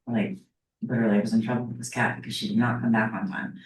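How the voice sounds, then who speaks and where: A woman's voice: extremely low pitch, steady tone, fast, slight background noise. A middle-aged woman teaching a psychology class in a casual, chatty storytelling way, often checking in with her students. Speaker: psychology instructor. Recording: echoey classroom heard from a distance.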